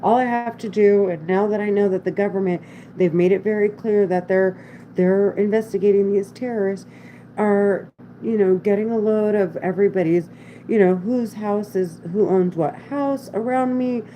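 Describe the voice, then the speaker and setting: A woman speaks in a loose, rambling monologue with a mellow, warm voice. She talks with anxious insistence, circling back to the same points and often breaking off to restart, and a faint hiss sits behind her. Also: medium pitch, moderate pace, rough recording. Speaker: vlogger. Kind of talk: casual monologue to camera.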